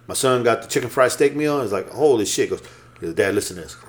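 Fifties male co-host, profane storyteller, lively up-and-down pitch, casual podcast banter. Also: fast. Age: 50s. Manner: profane, joking, laughs often. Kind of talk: casual chat.

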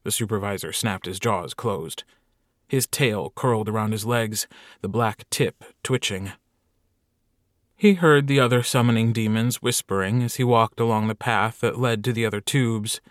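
A man reading an audiobook with wry, lively storytelling. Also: fairly low pitch, normal speed, dry recording, studio quality. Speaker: audiobook narrator. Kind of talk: scripted narration.

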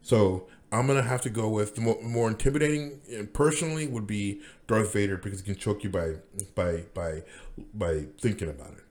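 A man's voice: fairly low pitch, fairly quick, darkish tone. A man rambling through a casual monologue as podcast host, with many restarts and fillers.

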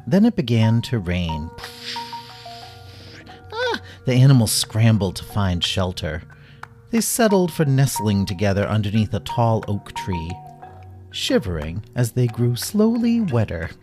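A man narrating a children's story in a playful, animated way. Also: on the low side, measured pace, over music.

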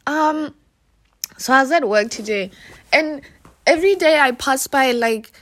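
A young woman chats alone for her podcast, recorded on a phone. Her voice sits fairly high, and she rambles in a light, self-mocking way, often breaking into laughter. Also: a bit bright. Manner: giggly, chatty, self-mocking. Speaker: podcast host. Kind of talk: casual solo podcast chat.

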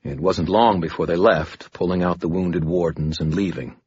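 A male narrator reads a first-person audiobook in a measured, brooding way. His voice sits very low and husky, close and dry. The sound is slightly muffled. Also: steady tone, darkish tone.

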